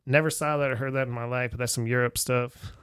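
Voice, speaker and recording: A man's voice: mid-range voice, quick pace, smooth, no echo, clean studio sound. A middle-aged man telling old travel stories in a casual conversation, acting out the voices of the people he quotes and using lots of "like" fillers. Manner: animated storyteller who acts out quoted voices, many "like" fillers. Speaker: podcast guest or host recalling old travels. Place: indoor room shared with a friend.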